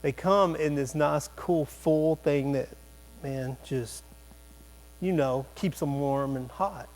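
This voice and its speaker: A man with a high-pitched voice preaches from a church, telling a comic story about his family. He keeps it animated and jokey, with quick asides to the congregation. A low electrical hum sits under the recording. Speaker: pastor. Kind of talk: sermon storytelling. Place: church sanctuary.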